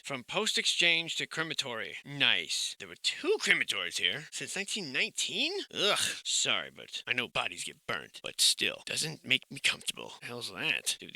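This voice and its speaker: A man's voice: medium pitch, sharp tone, no echo. Sarcastic swearing man narrating. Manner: swears a lot, sarcastic, jumps between silly voices. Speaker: comedic narrator. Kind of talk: jokey voice-over commentary.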